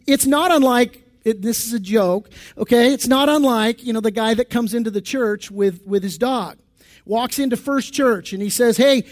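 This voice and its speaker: A male pastor giving a sermon in a church, talking in a conversational style, full of asides and restarts. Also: very high voice.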